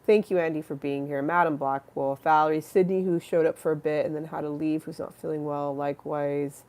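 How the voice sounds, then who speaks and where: A woman's voice: low voice, fairly even intonation, brisk, darkish tone. A young woman hosting a casual livestream, chatting to her viewers in a rambling, affectionate way with many fillers and restarts. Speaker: livestream host.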